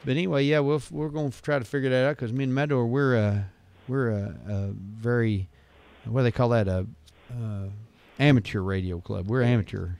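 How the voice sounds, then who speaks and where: A man's voice: mid-range voice, steady tone, brisk, gravelly, hardly any pauses, a little mellow. A man hosting a casual call-in radio show, rambling through jokes and stories. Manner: rambling storyteller, joking. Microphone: studio microphone.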